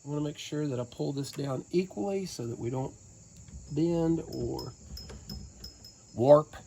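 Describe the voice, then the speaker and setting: Country guy w/ a southern appalachian twang doing a diy boat fix outside, mellow low voice, jokey, faint crickets behind. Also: normal speed, creaky, slight background noise. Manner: folksy, joking, talking to viewers while working with his hands. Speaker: DIY boat-repair vlogger. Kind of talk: casual how-to narration while working. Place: outdoors beside a boat on the ground.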